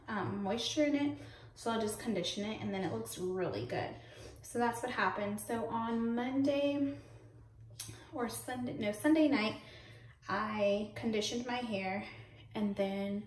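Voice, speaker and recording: A young adult woman from Texas, casually walking through her nighttime skin and hair routine and filling her pauses with ums. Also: mid-range voice, a little hiss or hum. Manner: chatty with frequent ums, self-correcting. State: pregnant. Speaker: vlogger. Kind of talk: casual product walkthrough. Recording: roomy, mic at a distance.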